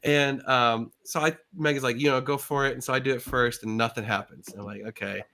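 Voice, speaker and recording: A middle-aged man hosting a live show, telling an animated story and acting out the voices in it with big jumps in pitch. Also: brisk. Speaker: show host.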